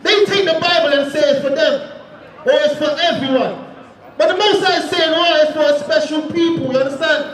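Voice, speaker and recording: A man preaching to a crowd in the street, shouting and calling on listeners to answer, asking again and again if they understand. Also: extremely high pitch, fairly quick. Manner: repeats "you understand?". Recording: echoey, crowd noise behind.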